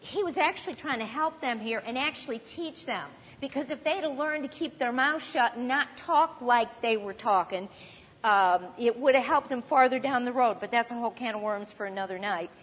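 A woman with a high, husky voice preaches a sermon in a relaxed teaching tone, with some acted-out panicked voices. Her words ring with a long hall reverb. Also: normal speed. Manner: conversational teaching, acts out panicked crowd voices.

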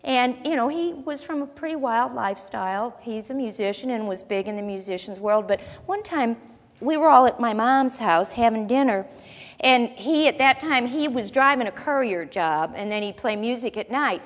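A woman's voice: on the high side, expressive, moderate pace, big-room sound. A woman giving a chatty Bible teaching, asking her listeners rhetorical questions as she goes.

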